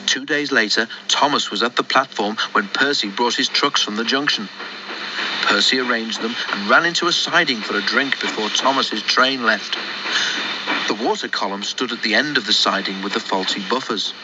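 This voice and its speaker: A man narrating a children's storybook in a lively, expressive read-aloud, on a dull lo-fi recording. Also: medium pitch, normal speed. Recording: dull lo-fi recording with faint noise.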